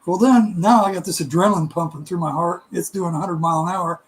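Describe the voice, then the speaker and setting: A middle-aged man telling a casual, animated story, laughing and acting out other people's voices. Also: high voice, fast talker, low-quality recording. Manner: animated, laughing, acts out voices in his stories.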